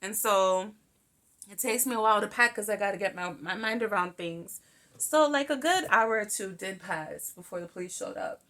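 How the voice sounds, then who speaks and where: A young woman hosting a show, telling a personal story in a candid, animated way and swearing freely. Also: medium pitch, moderate pace. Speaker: podcast host. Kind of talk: casual storytelling monologue.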